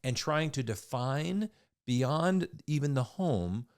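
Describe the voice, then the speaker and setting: A man's voice: mid-range voice, animated, slow pace, clear, resonant tone. A man in his forties co-hosting a parenting podcast, explaining ideas earnestly with frequent restarts. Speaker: podcast co-host. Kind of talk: casual chat.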